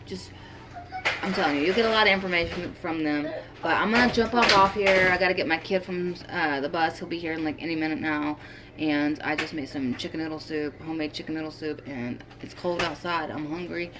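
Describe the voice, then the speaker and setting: A young woman chatting casually in a vlog, her voice sitting a little low for a woman. She rambles, circles back and fills gaps with ums and likes. A faint background noise runs under the recording. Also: a little fast. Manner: chatty, rambling, with many fillers and restarts. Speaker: vlogger.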